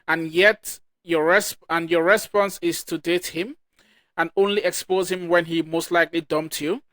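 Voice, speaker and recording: A man's voice: fairly high pitch, fairly even intonation, fairly bright tone, no echo, clean studio sound. A man hosting a reaction channel who reads viewer comments aloud, often stumbling and restarting lines. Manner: halting reading with restarts.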